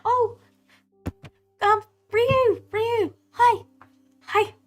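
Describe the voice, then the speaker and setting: A woman's voice: very high-pitched, fairly even intonation, drawn-out words, faint music behind, voice pushed up, heavily acted. A woman voicing a whiny male elf prisoner who stammers and pleads to be let out. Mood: whiny pleading.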